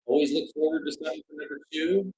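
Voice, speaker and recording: A man co-hosting a casual chat, easygoing, with quick agreeing interjections. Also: a little high, warm tone, reverberant, poor audio. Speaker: co-host.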